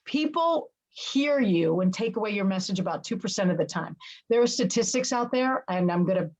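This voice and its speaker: A woman in her fifties, a business trainer guesting on a podcast, talking in a lively and dramatic storytelling way. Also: medium pitch, a little fast, low-quality recording. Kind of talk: casual interview talk.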